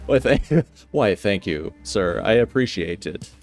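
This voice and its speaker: Casting: male game streamer, lowish pitch, rambling casual chat, faint music underneath. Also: lively intonation, measured pace, darkish tone. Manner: rambling storyteller, laughs often.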